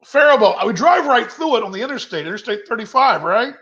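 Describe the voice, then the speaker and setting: His very high voice swings widely in pitch, sounding pushed and bright as he talks fast. The man is hosting an easygoing virtual happy hour from his home kitchen on a video call, rambling chattily and reading viewer comments out loud, with dull lo-fi audio.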